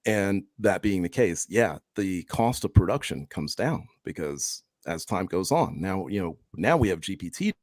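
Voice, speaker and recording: A man co-hosting a podcast discussion, talking in an animated, conversational way and tagging his points with quick questions. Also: deep voice, no echo, studio quality. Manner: animated, conversational, drops in "right?" tags. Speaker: co-host.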